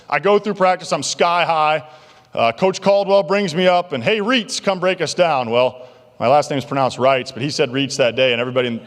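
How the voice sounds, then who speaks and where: A male keynote speaker telling stories in an animated, jokey way to a banquet crowd. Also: fairly high pitch. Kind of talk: motivational keynote storytelling. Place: large banquet hall. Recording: long reverb of a large hall.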